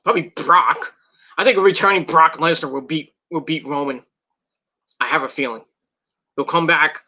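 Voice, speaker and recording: A man with a very bright, sharp-edged voice sitting slightly high for a man talks through a wrestling match. He rambles casually, stumbling over restarts and fillers and swearing freely. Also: normal speed, muffled recording. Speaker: wrestling reviewer. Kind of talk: casual recap and commentary.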